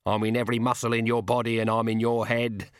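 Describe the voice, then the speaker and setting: A man reading an audiobook and voicing a stern, shrewd old witch woman who speaks in a dry, calm, cutting way. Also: medium pitch, quick pace, dry recording, natural voice.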